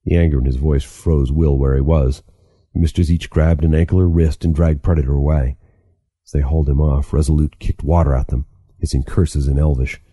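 A man reading his own novel aloud as an audiobook, measured and dramatic. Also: rumbling low, steady tone, dark tone, breathy edge, no echo, clean studio sound. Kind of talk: audiobook narration.

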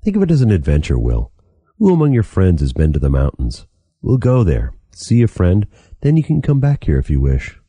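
A man's voice: deep voice, wildly swooping pitch, normal speed, warm tone, husky, no echo, pitched above the performer's own voice, heavily acted. An author reading aloud, voicing a friendly, easygoing male traveler who talks lightly.

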